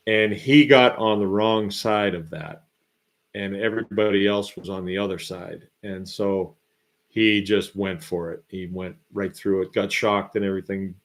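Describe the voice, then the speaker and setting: Folksy low-voiced farmer chatting. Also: male voice. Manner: rambling, folksy storytelling with drawn-out asides. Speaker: farmer hosting a live stream. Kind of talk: casual live-stream chat reading viewer comments.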